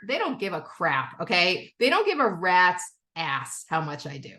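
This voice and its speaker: A woman's voice: fairly low pitch, normal speed. A middle-aged woman speaking candidly in a recovery step study. She talks casually with frequent "okay?" and "like" and swears freely. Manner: candid, animated, acts out quotes of family. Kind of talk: personal share in a recovery meeting.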